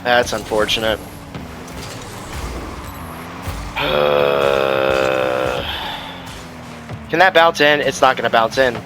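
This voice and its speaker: A man streaming ranked gameplay, commenting live and trash-talking with sudden shouts. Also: medium pitch, fast talker, few pauses, music in the background.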